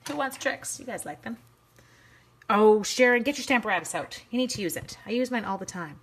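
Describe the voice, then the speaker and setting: In this home craft livestream, a middle-aged woman makes cards while chatting and calling out viewers by name. She speaks a little fast in a fairly high, animated voice that's fairly bright and slightly rough.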